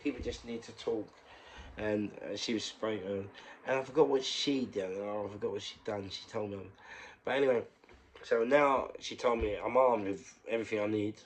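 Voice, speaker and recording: A man with a London accent spinning a rambling, emphatic tale in a low voice. He swings between loud asides and hushed whispers when he quotes himself. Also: moderate pace, a little hiss or hum. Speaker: storyteller. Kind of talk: casual storytelling monologue.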